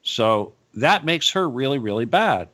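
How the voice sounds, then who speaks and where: Man, radio talk host, bright tense voice, rambling casual chat, laughs a lot. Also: medium pitch, a little slow. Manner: chatty, laughs often, animated asides.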